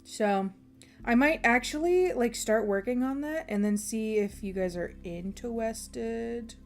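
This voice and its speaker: A woman's voice: fairly high pitch, unhurried. A young woman from the American South with a Southern accent, chatting casually with viewers on a stream, rambling and laughing often. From Southern United States. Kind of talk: casual chat with viewers during a work-along stream. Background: soft background music.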